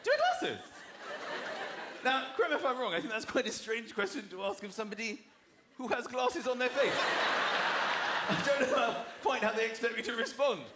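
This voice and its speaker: A man from southern England doing a stand-up comedy routine, animated, mimicking people and putting on voices. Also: extremely high pitch, fairly quick, heavy background noise. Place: large comedy venue with audience. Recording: echoey venue with loud crowd laughter.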